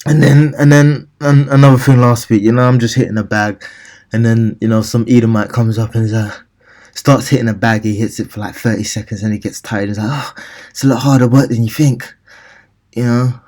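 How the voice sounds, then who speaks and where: A man's voice: mid-range voice, flat delivery, fairly quick, a little mellow. A young man telling a long, rambling story and ranting about it, acting out his own replies. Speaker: vlogger. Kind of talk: casual storytelling rant.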